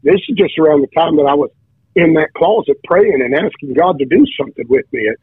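A man's voice: a little high, animated, brisk, husky, no echo. Preacher telling his story over a tinny phone line. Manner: storytelling, many restarts and stammered repeats. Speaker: preacher guest. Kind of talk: casual testimony on a talk show.

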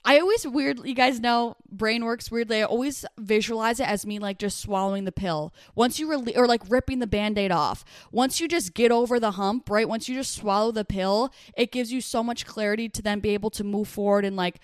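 A woman's voice: a little high, a little fast, few pauses, clear, resonant tone, no echo, studio quality. A young woman, hosting a self-help podcast in a casual, chatty way, full of "like" fillers and restarts. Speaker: podcast host.

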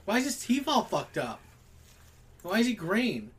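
Animated, swearing man reacting in disbelief. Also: high voice, takes it slowly, a little hiss or hum. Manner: profane, incredulous reactions. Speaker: podcast co-host. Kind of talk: casual comedic chat.

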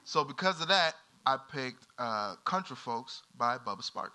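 A man's voice: mid-range voice, lively intonation, moderate pace, hardly any pauses, pushed and bright, poor audio. A man from the audience telling a story on stage, hesitant and self-deprecating, often trailing off. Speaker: audience member.

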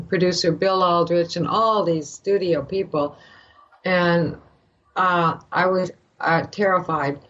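An older woman from Canada, an actress guest, telling an animated story and acting out the voices of the people in it. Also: fairly low pitch, lo-fi sound. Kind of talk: animated anecdote in a podcast interview.

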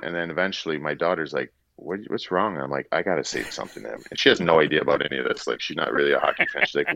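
A man's voice: sits low, fairly bright tone, dry recording, lo-fi sound. A middle-aged man, a former player turned broadcaster, telling a rambling anecdote in an interview and acting out the quotes. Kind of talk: casual storytelling in an interview.

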